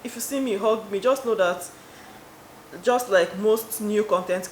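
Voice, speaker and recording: A woman's voice: medium pitch, normal speed. A young woman vlogging to camera in a casual, rambling, wry way, often trailing off with "like". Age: young adult. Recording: echoey room with faint noise.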